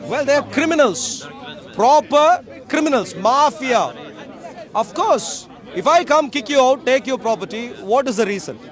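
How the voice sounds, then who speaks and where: A man with a strikingly high voice lectures passersby in an outdoor park. He hammers his points home through emphatic repetition. A faint murmur of the crowd hangs behind him. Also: expressive, moderate pace. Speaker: street speaker. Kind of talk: open-air debate speech to passersby.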